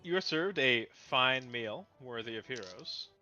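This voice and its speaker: Bright-voiced male dungeon master. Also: medium pitch, a little slow, dull audio, soft background music. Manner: relaxed, laughs easily, loose descriptive narration. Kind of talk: narrating a tabletop game.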